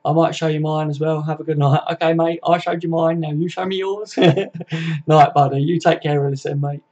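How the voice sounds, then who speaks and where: A man's voice: a little high, fairly even intonation, moderate pace, warm tone, lo-fi sound. A young man hosting a casual live stream, reading viewer comments aloud in a chatty, laddish way and swearing freely.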